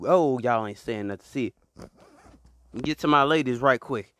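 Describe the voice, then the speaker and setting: A man with a medium-pitched, fairly bright voice delivers a comedic mock sermon on a clip-on mic, with no room sound. He speaks at normal speed with frequent pauses, using a preacher's rhythm and call-and-response with listeners, and laughs often between lines.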